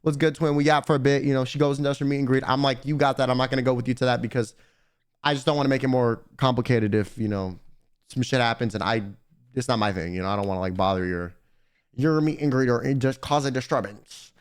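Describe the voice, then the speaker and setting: A man's voice: mid-range voice, steady tone, fast, clean tone. A man streaming live, casually telling a long convention story to his chat, rambling and swearing a lot.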